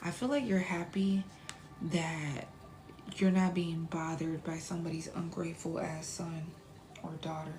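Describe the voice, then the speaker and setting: A woman's voice: low voice, fairly even intonation, a little slow, a little mellow, slight background noise. A woman doing a casual tarot reading, chatty and blunt, sometimes dropping to a whisper and swearing freely. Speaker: tarot reader.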